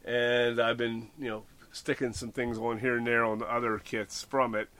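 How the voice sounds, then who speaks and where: A man's voice: mid-range voice, level tone, moderate pace, a bit bright, smooth. A man in casual chat, rambling and self-deprecating, with plenty of fillers. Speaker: model railroad hobbyist podcast host.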